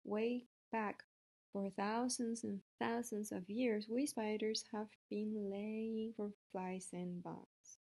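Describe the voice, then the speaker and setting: A woman voicing a calm, clever female spider in a storybook read-aloud, matter-of-fact and measured. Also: mid-range voice. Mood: explaining.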